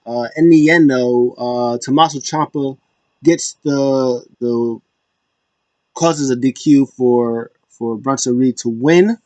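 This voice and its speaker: A man talking through a recap in a loose, rambling way, full of ums and uhs, sometimes slipping into quick put-on quotes. His pitch sits in the middle range for a man. The sound is dry and close, with no room around it. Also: a little mellow, no echo, lo-fi sound. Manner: rambling, lots of fillers and acted-out quotes. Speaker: wrestling show recap host. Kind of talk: casual solo recap.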